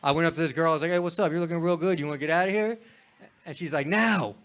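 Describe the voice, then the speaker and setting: A man's voice: fairly high pitch, fairly even intonation, rapid-fire, fairly bright tone, clear, resonant tone. A young man from Florida doing a rambling, crude stand-up set on a club stage. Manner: laid-back, rambling, crude. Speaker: stand-up comedian.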